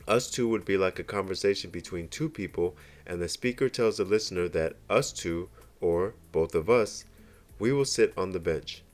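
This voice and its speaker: A man narrating a scripted beginner language lesson, explaining slowly and carefully with example phrases. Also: low voice, faint music behind. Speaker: language teacher.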